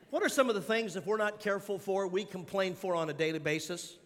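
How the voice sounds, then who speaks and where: High-voiced male pastor preaching in a hall. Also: brisk, a bit bright. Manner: preaches in numbered points, asks the congregation questions. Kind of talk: sermon. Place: large church auditorium.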